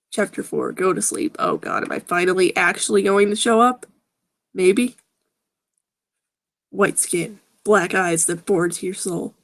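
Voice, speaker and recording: A woman's voice: lowish voice, creaky. A woman reading fan fiction aloud with sarcastic, groaning asides. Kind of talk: mocking dramatic reading with commentary.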